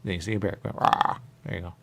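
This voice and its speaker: A man talking in a rambling, repetitive radio monologue, dropping to whispers and jumping to sudden high exclamations. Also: little pitch movement, quick pace, fairly bright tone, slight background noise. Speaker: radio host.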